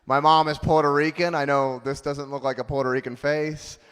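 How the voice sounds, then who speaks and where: A man's voice: on the high side, flat delivery, fairly quick, fairly bright tone, smooth, long reverb tail. A man in his thirties doing a punchy, self-mocking stand-up comedy set on a club stage. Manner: punchy, self-mocking delivery with acted-out quotes.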